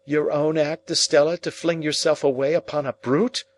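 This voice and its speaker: A heartbroken young man pleads in a raised, earnest voice, voiced by a man reading aloud. The lines climb higher and louder than the narration, full of passionate storybook anguish. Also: little pitch movement, moderate pace, natural voice. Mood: pleading.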